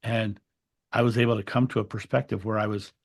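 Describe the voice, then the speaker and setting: A man's voice: lowish voice, little pitch movement, fairly quick, vocal fry, husky. A man telling a spiritual story in an interview, earnest and reflective, often restarting his words. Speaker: interview guest.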